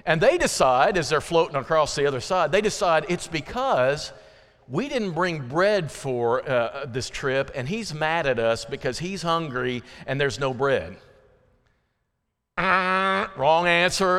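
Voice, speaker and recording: A man preaching a conversational sermon to a congregation, lively and animated, often slipping into acted-out voices. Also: fairly high pitch, measured pace. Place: church sanctuary. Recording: long reverb of a large hall.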